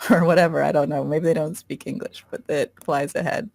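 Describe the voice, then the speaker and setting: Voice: medium pitch, steady tone, a little fast, creaky, darkish tone. A tabletop game player describing a character's moves in hesitant, casual speech and laughing at their own ideas. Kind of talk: casual play-by-play of a character's actions.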